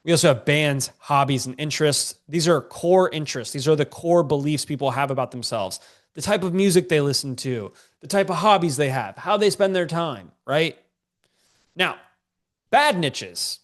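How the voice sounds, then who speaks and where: A man's voice: on the high side, animated, normal speed. A man teaching a live-streamed business class, a bit congested, talking in a casual, joking, slangy way to viewers in a chat. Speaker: online business coach.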